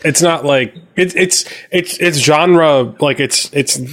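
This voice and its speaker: A man's voice: on the high side, slow pace, fairly bright tone. A man co-hosting a casual podcast, rambling with many fillers as he searched for words. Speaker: podcast co-host. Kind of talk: casual chat over drinks.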